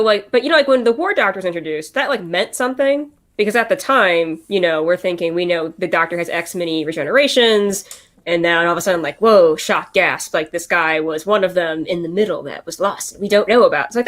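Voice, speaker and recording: A woman from the United States talks animatedly on a group podcast. Her speech is loose and casual, full of "like" and quick restarts. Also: on the low side. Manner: animated, lots of "like" fillers. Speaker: podcast panelist.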